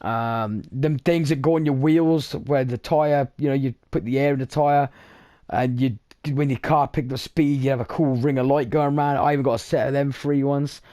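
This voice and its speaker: A man's voice: mid-range voice, fairly even intonation, moderate pace, dark tone, dry recording, studio quality. Chatty, blunt young British man. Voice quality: swears freely, chatty, blunt. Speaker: gaming streamer. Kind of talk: casual rambling chat over gameplay.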